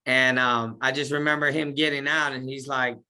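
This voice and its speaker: Speaking at a moderate pace in a mid-range voice, a man tells his life story during a relaxed interview. Slang runs through his animated account as he reenacts his own past words.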